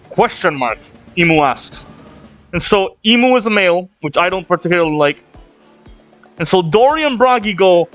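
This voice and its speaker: A man hosting a manga reaction video, reading panels aloud with sudden excited outbursts. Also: high voice, normal speed, muffled recording. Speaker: reaction channel host. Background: faint drum music.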